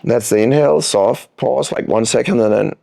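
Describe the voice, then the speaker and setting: A man coaching breath technique on a podcast, calm and demonstrative, drawing words out as he explains. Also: medium pitch, normal speed, vocal fry. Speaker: freediving coach, guest. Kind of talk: instructional podcast talk.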